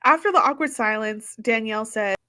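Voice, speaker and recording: A woman's voice: fairly high pitch, bright, forceful tone. A woman co-hosting a podcast, recapping a reality show in a chatty, joking way. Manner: chatty, quick to joke. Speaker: podcast co-host. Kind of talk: casual recap chat.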